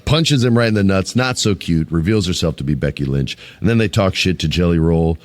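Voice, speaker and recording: A man's voice: low-pitched, animated, fairly quick, dry recording. A man hosting a wrestling podcast, recapping a show in a loose, jokey way, swearing freely and acting out what people said. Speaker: podcast host.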